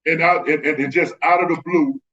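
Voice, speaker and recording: A man's voice: on the high side, fairly even intonation, fairly quick, bright, forceful tone, lo-fi sound. A man, a guest telling stories in casual chat and acting out the voices of the people in them. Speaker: guest, former pro basketball player. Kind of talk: casual storytelling.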